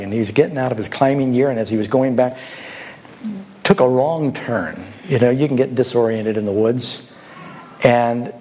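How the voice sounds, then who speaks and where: A man's voice: medium pitch, darkish tone. A man preaching a sermon in a church, telling a parable with rhetorical questions and little acted-out quotes.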